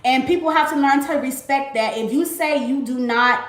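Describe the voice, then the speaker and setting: A woman's voice: high-pitched, moderate pace. Emphatic woman in her late twenties, roomy. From Miami. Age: late 20s. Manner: emphatic, repetitive, talks to viewers as y'all. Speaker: livestreamer. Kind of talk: casual faith testimony livestream. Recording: roomy echo.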